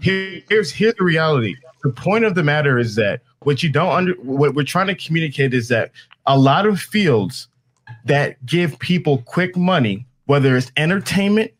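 A man hosting a podcast panel, lecturing his guests with emphatic, repetitive phrasing. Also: a little high. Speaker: podcast host.

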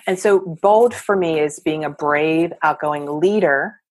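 A woman coach and therapist giving energetic, emphatic motivational advice as a podcast guest. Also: deep voice, unhurried, no echo. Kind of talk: podcast interview.

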